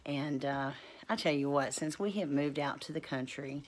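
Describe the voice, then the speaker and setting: A woman's voice: sits low, normal speed, a little hiss or hum. A middle-aged woman, chatting casually in a vlog, rambling and devout, with many fillers and restarts. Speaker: homestead vlogger.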